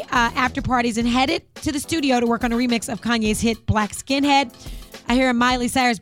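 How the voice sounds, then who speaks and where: A woman reporter running an entertainment news segment on a morning radio show, brisk and chatty. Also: on the high side, a bit bright. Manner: brisk, chatty delivery of headlines.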